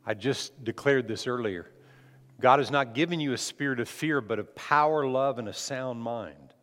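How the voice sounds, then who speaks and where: A man's voice: mid-range voice, normal speed, fairly bright tone. A man preaching a conversational sermon as a pastor, often restarting his phrases. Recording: long hall reverb.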